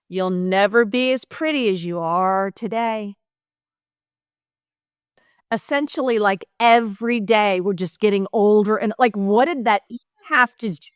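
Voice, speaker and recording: A woman's voice: mid-range voice, dry recording, studio quality. Middle-aged woman, candid heartfelt storyteller. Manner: emotional, animated, talks to listeners directly. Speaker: podcast guest.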